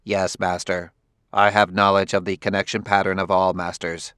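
An obedient service robot that answers in clear, flat tones with no hesitation, as a male narrator puts it on. The voice stays low and dry. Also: normal speed, no echo.

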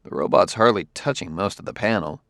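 A man voicing a gruff, impatient male detective who speaks curtly in an audiobook. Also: sits low, brisk, fairly bright tone, no echo, studio quality. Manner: curt, growling.

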